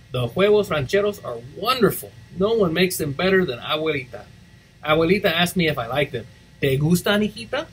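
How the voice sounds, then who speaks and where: A man reading a picture book aloud for school morning announcements, expressive and switching between English and Spanish. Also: fairly high pitch, husky, rough recording. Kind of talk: read-aloud storytelling.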